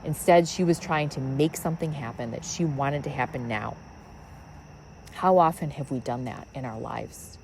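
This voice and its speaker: A woman with a very deep, low voice muses on spiritual ideas from her backyard. She rambles along with lots of fillers, and a faint hiss sits under the outdoor recording. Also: normal speed, gravelly, a little mellow, poor audio. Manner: musing, rambling with many fillers. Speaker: podcast host. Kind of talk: reflective spiritual monologue.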